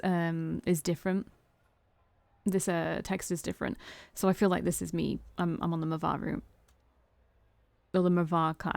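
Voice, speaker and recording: A woman's voice: fairly low pitch, vocal fry, a little mellow, dry recording. Brief: woman host, casual let's play narration, dry close mic. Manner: casual, chatty asides. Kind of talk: reading a visual novel aloud with chat.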